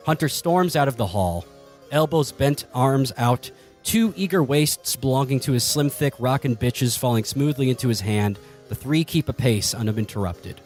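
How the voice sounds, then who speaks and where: A man narrating a tabletop game as game master, his pitch lively and animated. He delivers a mock-grand narration with faint music underneath. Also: normal speed.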